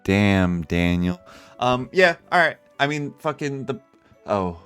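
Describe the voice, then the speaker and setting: Over a game stream, a male livestream host rambles through stories, cutting himself off, restarting sentences and laughing frequently. He speaks at medium pitch, animated yet measured, with a pushed, bright, clear and resonant tone. He uses earbuds with a headset mic, and soft music plays underneath.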